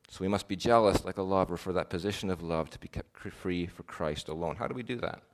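A man delivers a sermon in a somewhat low voice. He speaks earnestly, pushing certain phrases with force and letting others fall quiet. Now and then he stumbles and restarts a word. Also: fast. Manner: earnest, with swells of emphasis and soft drops. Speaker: preacher.

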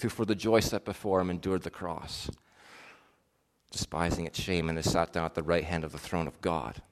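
A man delivers a sermon in a somewhat low voice. He speaks earnestly, pushing certain phrases with force and letting others fall quiet. Now and then he stumbles and restarts a word. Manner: earnest, with swells of emphasis and soft drops. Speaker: preacher.

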